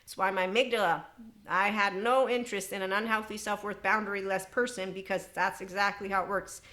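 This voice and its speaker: A middle-aged woman hosting a podcast, talking in an animated, unscripted monologue, laughing often and slipping into quoted voices. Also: medium pitch, a little fast. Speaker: podcast host.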